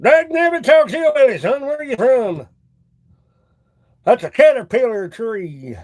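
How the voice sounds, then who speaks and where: A man voicing a gruff, scolding rural old-timer who speaks in a drawn-out backwoods drawl. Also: extremely high pitch, animated, no echo, studio quality, voice pushed up, full character voice.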